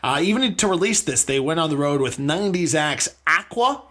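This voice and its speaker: A man hosting a loose, chatty podcast with a husky, breathy edge to his voice. His pitch swings widely as he talks, and he laughs easily while he drifts from one tangent to the next. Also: lively intonation, fairly quick, fairly bright tone. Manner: chatty, laughs often, digressive. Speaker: podcast host. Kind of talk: casual podcast chat.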